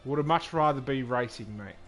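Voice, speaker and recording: A man with an Australian accent doing relaxed live commentary on a sim racing league, trading dry banter and reading out standings with plenty of fillers. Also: medium pitch, fairly quick, faint music behind.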